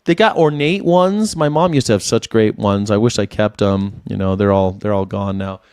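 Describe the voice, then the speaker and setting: A man's voice: fairly low pitch, moderate pace, a little mellow, clean tone, no echo, studio quality. A man in his forties hosting a casual livestream, rambling commentary that trails off, repeats words and laughs often. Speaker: independent news and culture commentator.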